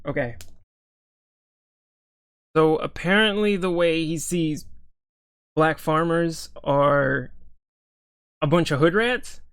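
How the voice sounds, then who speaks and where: A man's voice: a little high, takes it slowly, long pauses, fairly bright tone, clean tone, dry recording. Heated man critiquing a clip, dry sound. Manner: heated, stammering restarts, repeats words. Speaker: political commentator. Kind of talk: reaction commentary on a video clip.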